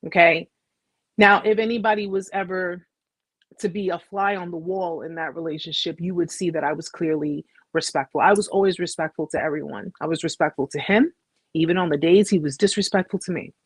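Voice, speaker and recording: Brief: woman host, husky and dry, emphatic storyteller who keeps repeating herself. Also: lowish voice, brisk, no room sound. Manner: emphatic, repeats phrases, asks "okay?". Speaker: host sharing a survivor story. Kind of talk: emotional personal storytelling.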